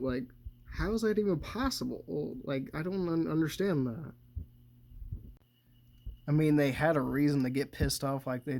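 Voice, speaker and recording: A man talks through a movie in a loose, unscripted way. He swears constantly, chuckles between thoughts and trails off as he goes. His voice sits at an everyday middle pitch. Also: a little mellow. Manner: rambling, heavy swearing, chuckles often. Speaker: movie reviewer. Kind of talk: casual spoken movie commentary.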